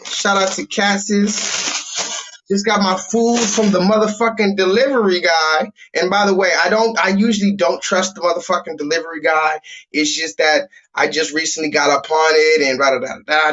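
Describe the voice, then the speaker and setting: Man, high voice, livestream host, loud profane ranter, dull lo-fi home audio. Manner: loud, blunt and profane, talking straight to chat.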